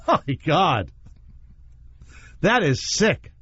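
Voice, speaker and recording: A male talk radio host spins a rambling story, his pitch swinging up and down as he talks. He sounds relaxed and casual. The broadcast sound is muffled and slightly dull. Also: very slow, slightly rough.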